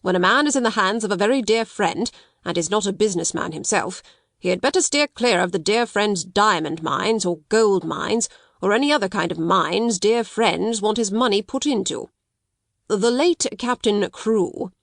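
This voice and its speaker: A woman's voice: medium pitch, moderate pace, no room sound, studio quality, lightly acted. A woman reading a storybook voices a shrewd male solicitor who speaks brusquely and with disapproval. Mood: critical, curt. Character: curt, shrewd male solicitor, dry little man.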